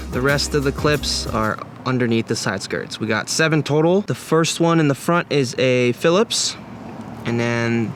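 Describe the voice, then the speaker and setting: A man's voice: medium pitch, a bit bright. A young man casually walking through a car parts install outdoors, swearing now and then and hyped about the parts. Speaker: car modding vlogger. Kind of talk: casual how-to narration. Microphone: wireless clip-on mic. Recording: background music under voice.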